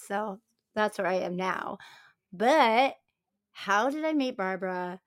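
An American woman co-hosting a relaxed chat podcast, bubbly and easygoing, with lots of "like" in her speech. Her voice sits at a middling pitch. The recording is dry, with almost no room sound. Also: slow pace, long pauses, dry recording. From United States. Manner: bubbly, uses "like" a lot. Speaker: podcast co-host. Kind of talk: casual chat.

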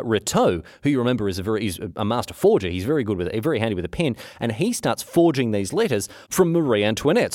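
A young podcast host with a mid-range voice retells history casually, slangy and jokey, putting on voices for quotes in a lively way. The recording is dry, with clean studio sound.

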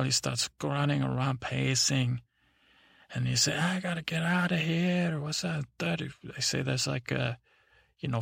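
A man's voice: medium pitch, gravelly, fairly bright tone, husky, no room sound, studio quality, heavily acted. A man voicing a rambling woman superhero with a thick Eastern European accent and broken English, in a sleep story.

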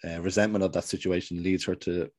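A man's voice: low-pitched, little pitch movement, quick pace, darkish tone, dry recording. A man casually recapping a TV show's plot, rambling and hesitant as he tells it. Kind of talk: casual chat recapping a TV show.

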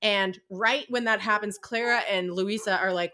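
Young woman, podcast co-host, chatty retelling, bright tone. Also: mid-range voice, steady tone, normal speed. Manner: chatty, with frequent fillers and laughs. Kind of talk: casual book-talk retelling.

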